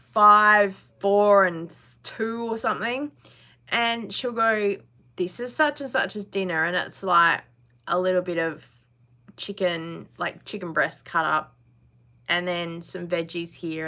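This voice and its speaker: Woman in her forties, casual live chat host, bright clear tone, blunt and chatty. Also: on the low side, slow, long pauses. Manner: chatty, laughs often, blunt.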